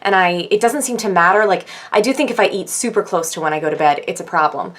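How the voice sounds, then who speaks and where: A pregnant vlogger chats fast and rambles, her casual talk full of fillers and laughs. When she quotes other people, she acts them out in a higher voice.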